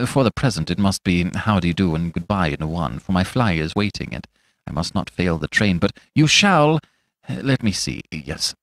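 A man voicing a wealthy white-haired older doctor who speaks in a hushed, hurried and falsely polite way. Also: low-pitched, dry recording, clean studio sound.

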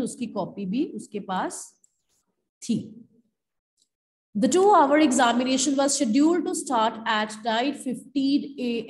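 Switching between reading a story aloud and explaining it, an Indian-accented woman teaching her class addresses students as "beta." Her pitch is fairly high and her tone darkish. The recording quality is low.

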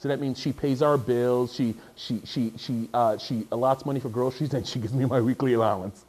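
A man preaching a sermon as a pastor, animated and jokey, often stopping to repeat and restart his words. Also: mid-range voice, fairly quick, hardly any pauses.

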